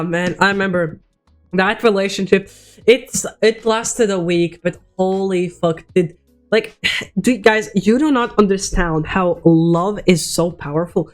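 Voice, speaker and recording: A teenage boy telling a personal story as a vlogger, rambling and swearing, with many restarts. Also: high-pitched. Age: teens.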